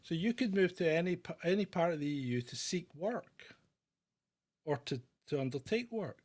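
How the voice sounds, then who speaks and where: A man's voice: fairly high pitch, animated, normal speed, a little mellow. A middle-aged man from Britain hosting a live question-and-answer chat, blunt and opinionated, rambling with restarts as he answers viewers.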